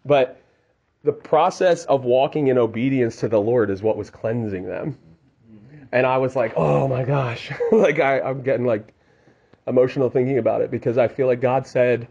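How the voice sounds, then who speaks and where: A man's voice: medium pitch, moderate pace, darkish tone, slightly rough, highs cut off. A man giving casual devotional teaching as a preacher, earnest and conversational, often restarting his sentences.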